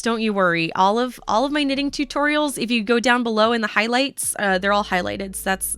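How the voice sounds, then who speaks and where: A woman hosting a live knitting stream, chatting casually with her viewers in an excitable way. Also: fairly high pitch, smooth. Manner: chatty, excitable, says "um" and "y'all" often.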